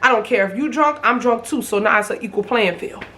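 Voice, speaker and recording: A woman in her twenties telling a story to the camera, lively and profane. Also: fairly high pitch, a little fast, slight background noise. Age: 20s. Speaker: vlogger. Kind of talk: storytime vlog.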